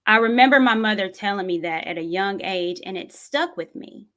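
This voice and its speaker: A woman's voice: mid-range voice, normal speed, fairly bright tone. A woman from Tennessee, telling a personal story in an earnest, reflective way as a vlogger. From Tennessee, USA.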